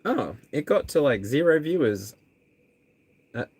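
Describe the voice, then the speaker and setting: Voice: mid-range voice, very animated, measured pace, a little mellow, slightly rough, dry recording. An energy reader chatting candidly on a live stream, earnest and rambling, with restarts and ums along the way. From Australia. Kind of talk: casual live stream chat.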